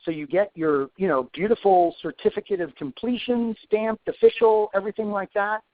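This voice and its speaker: A man's voice: high-pitched, steady tone, normal speed, no room sound. Man in his 40s, webinar instructor, chatty, phone-like audio, dry and close. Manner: chatty, self-deprecating asides. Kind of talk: live webinar Q&A. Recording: tinny phone-like dry sound.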